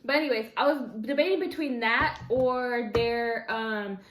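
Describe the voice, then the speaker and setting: A woman's voice: fairly high pitch, a little slow, echoey room. A woman chatting casually to camera as a mukbang vlogger at her dining table, rambling with fillers and correcting herself.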